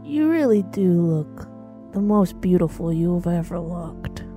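A woman's voice: fairly low pitch, lively intonation, a little slow, soft background music, pitched below the performer's own voice. A woman improvising a doting, fatherly friend who jokes and rambles, in a comedy role-play. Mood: tender. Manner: joking, warm-hearted, rambling.

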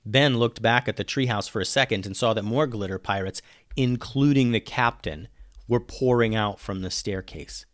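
Man reading a kids' adventure tale. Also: normal speed. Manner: lively, dropping low on speech tags. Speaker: storyteller. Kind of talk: reading a children's adventure story.

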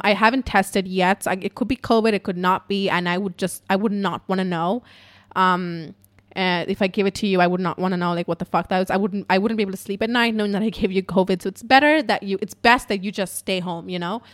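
A woman hosting a podcast, telling a story in a casual, profane, chatty way with lots of fillers, going from loud to hushed. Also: medium pitch. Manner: animated, swinging between loud and hushed. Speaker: podcast host.

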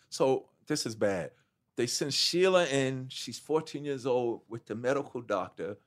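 Animated, profane New man. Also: medium pitch, normal speed. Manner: animated, profane, acts out quotes. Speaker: guest. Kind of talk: storytelling in an interview.

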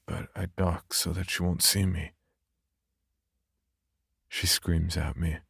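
A man narrating a first-person horror story in a subdued, brooding way, with a husky, gravelly voice. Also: low-pitched, dry recording, studio quality.

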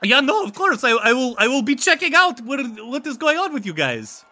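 A man putting on a gaunt vampire count who gushes in a high voice that swoops up and down. He rambles and stammers, eager to please his old friends, and his tone is sharp and bright. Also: sing-song, brisk, full character voice. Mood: breezy. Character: excitable pale gaunt male vampire count.

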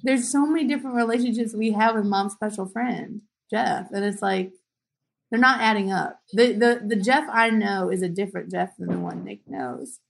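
A woman co-hosting an improvised comedy podcast, talking in an animated way and slipping into silly voices. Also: medium pitch, moderate pace, gravelly. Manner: animated, does silly voices and sings loudly.

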